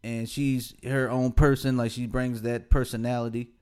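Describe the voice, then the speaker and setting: A man's voice: medium pitch, flat delivery, moderate pace, darkish tone, smooth. A man co-hosting a podcast in casual chat, laid-back, repeating phrases and laughing often. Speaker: podcast co-host.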